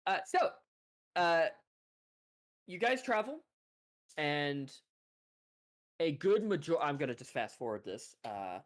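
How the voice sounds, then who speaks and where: A man narrating as game master in a loose, rambling way, quick to laugh. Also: fairly high pitch, big pitch swings.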